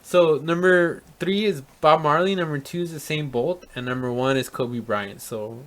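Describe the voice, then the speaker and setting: A man's voice: fairly high pitch, moderate pace, a bit bright. Laid-back man with dry remarks. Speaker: podcast co-host. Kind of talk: casual chat.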